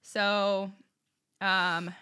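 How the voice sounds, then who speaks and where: A woman co-hosting a podcast in casual chat, telling stories in an animated way, swearing freely and laughing often. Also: mid-range voice, extremely slow, clean tone. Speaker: podcast co-host.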